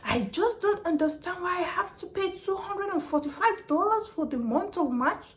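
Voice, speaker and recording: A woman's voice: lively intonation, moderate pace. A woman putting on the voice of an angry male customer who complains about his bill and keeps interrupting. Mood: indignant. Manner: shrill, indignant, interrupting.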